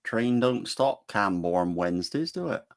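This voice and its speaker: A man with a lowish voice chats in an easy, unhurried way. He teases dryly and keeps a relaxed, conversational tone throughout. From not from Cornwall. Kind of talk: casual chat.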